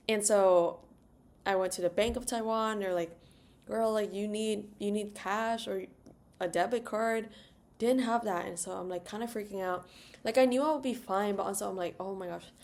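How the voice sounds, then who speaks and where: Her voice is medium-pitched with a darkish tone. This young travel vlogger rambles through a trip story, chatty and filler-heavy, full of "like" and small asides, now and then singing "la la" to herself.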